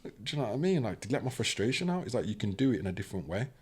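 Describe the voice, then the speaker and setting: Podcast guest: young British man, low voice, animated casual storytelling. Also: very fast, slightly rough. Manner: animated, acts out quoted voices; fills talk with "do you know what I mean".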